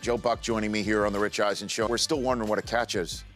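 Deep-voiced male sports radio host. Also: level tone, quick pace, fairly bright tone, faint music behind. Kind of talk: casual interview chat.

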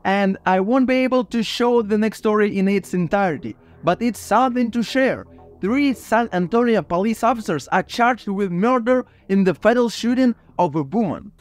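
A man's voice: sits high, lively intonation, moderate pace. A man narrating and commenting between video clips in a plain, matter-of-fact way. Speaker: channel host.

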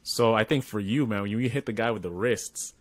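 A man's voice: lowish voice, fairly quick, no room sound. A man co-hosting a podcast, telling a story in casual chat and acting out the voices of the people in it. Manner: animated storyteller, acts out quoted voices. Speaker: podcast co-host.

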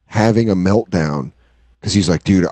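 A man in his late thirties tells crude stories in casual studio chat, cursing freely. His voice is dry and close to the mic. He jumps up into high, yelping impressions when he quotes people. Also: normal speed, no echo. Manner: animated, swears freely, acts out quotes in high yelps. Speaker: podcast co-host. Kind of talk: casual comedic storytelling.

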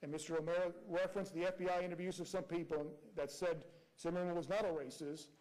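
A man's voice: fairly high pitch, steady tone, fast talker, darkish tone, rough recording. A man arguing as prosecutor before a judge, reading out quotes and pressing rhetorical questions. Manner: reads quotes aloud. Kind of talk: courtroom argument.

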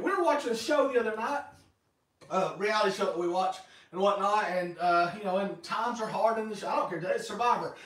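A man preaching a sermon as pastor, telling stories in a lively way and acting out quotes. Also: high-pitched, brisk. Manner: lively, animated storytelling with acted-out quotes. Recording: echoey hall, voice from far off.

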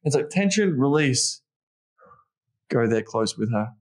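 A man's voice: medium pitch, unhurried, pauses often. A man as a podcast guest and intimacy coach, talking in a casual, frank way with lots of swearing and fillers. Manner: frank, profane, animated, with frequent fillers.

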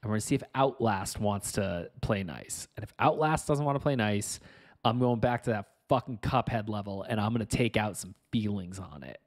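A man's voice: lowish voice, normal speed. A man chatting casually to viewers on a live stream as he fixes his game setup, frustrated and self-mocking, muttering to himself.

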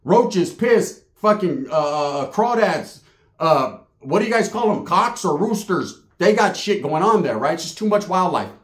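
Streetwise storyteller, a bit high-pitched, recorded in an echoey room. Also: male voice, lively intonation, unhurried. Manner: profane, streetwise, acts out voices. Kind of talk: comedic storytelling monologue.

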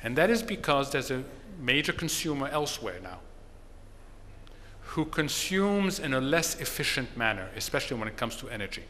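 A man speaking at a seminar, his bright, forceful voice explaining each point in a measured way. The long reverb of a conference hall trails behind his words. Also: mid-range voice, big pitch swings, slight background noise. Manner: measured, explanatory, tells a joke. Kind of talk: seminar talk.

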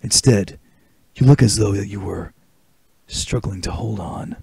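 A man reading a stoic male soldier hero's lines aloud in a lowered, terse voice. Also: a little slow, creaky, a little mellow, breathy edge, exaggerated voice. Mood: stern.

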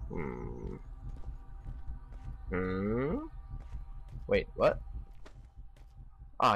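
A gamer narrates his playthrough in relaxed let's play style, with a lowish, expressive voice and a slow delivery. He cracks jokes and answers back to the characters on screen.

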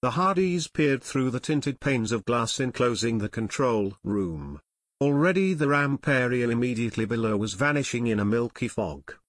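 A man narrating a full-length audiobook in a steady storytelling manner. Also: mid-range voice, normal speed, no room sound. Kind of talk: scripted narration.

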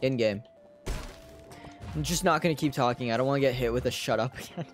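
A woman's voice: very deep voice, a little fast, long pauses, soft background music. A woman live-streaming a video game, giggling, swearing casually and reading the game's lines aloud.

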